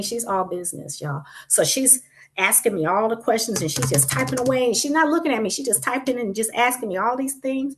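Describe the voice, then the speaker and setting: A woman guest on a panel, telling her own patient story in a chatty, lively way. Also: medium pitch. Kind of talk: casual panel discussion.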